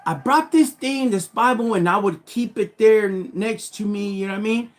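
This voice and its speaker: A man's voice: sits high, moderate pace. A man telling a story from his past on a live stream, heavy on street slang and getting fired up as he goes. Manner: street slang, gets fired up and loud when retelling. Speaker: livestream host.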